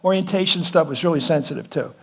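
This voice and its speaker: A man, an actor, talking onstage in an animated, opinionated way with quick asides. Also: on the high side, creaky, husky. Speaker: actor in conversation with a director. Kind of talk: onstage conversation before an audience.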